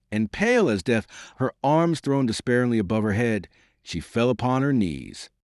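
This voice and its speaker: A male audiobook narrator with a low voice and a lively, expressive delivery. His measured reading is recorded dry and close, with no room sound. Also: no echo. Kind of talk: scripted narration.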